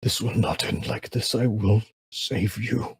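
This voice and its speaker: A man voicing a weary, heroic old warrior who speaks slowly and earnestly to a fallen friend. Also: on the low side, fairly even intonation, gravelly, a little hiss or hum. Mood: solemn. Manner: slow, solemn and earnest.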